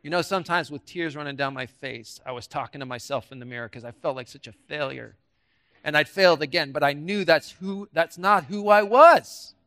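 A male preacher with a notably high voice delivers an animated, interactive sermon. He fires questions at the congregation and jokes with them, dropping to quiet asides before rising to loud, emphatic bursts. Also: brisk. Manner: interactive, quizzes the audience and jokes. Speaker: guest preacher.

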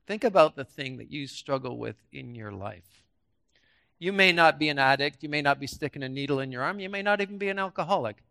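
A male guest preacher with a notably high, gravelly yet smooth voice gives an animated, interactive sermon. He quizzes and jokes with the congregation, firing questions at them and slipping into quiet asides before rising to loud, emphatic bursts.

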